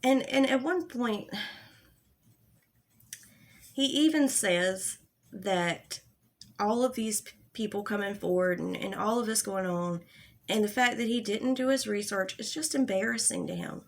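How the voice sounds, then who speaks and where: A woman's voice: medium pitch, measured pace, pauses often. A young adult woman giving an angry, profane commentary rant, exasperated and sarcastic. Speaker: commentary YouTuber.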